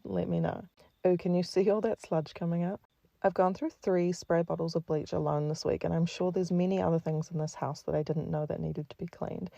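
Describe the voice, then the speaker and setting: Gravelly low woman, chatty. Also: warm tone, dry recording, low-quality recording. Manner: chatty, amused, confiding. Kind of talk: cleaning voice-over.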